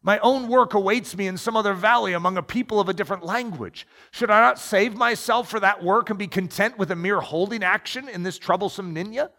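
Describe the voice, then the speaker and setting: A man's voice: high-pitched, a little fast, hardly any pauses, bright, forceful tone, pitched above the performer's own voice. A man reading as an earnest missionary. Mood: troubled. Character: determined adult male missionary, calm and earnest. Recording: long echoing reverb.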